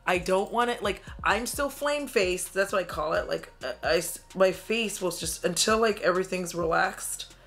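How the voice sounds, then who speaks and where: Woman vlogger, casual get-ready chat while doing makeup, talkative with frequent swearing, soft music underneath. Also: lowish voice, normal speed, few pauses. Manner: chatty, swearing, laughing often, acting out her own quotes. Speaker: beauty vlogger.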